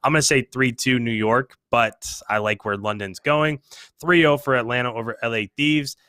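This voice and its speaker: A man who coaches esports, talking casually as a podcast guest and giving steady predictions. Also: medium pitch, moderate pace, dry recording, studio quality.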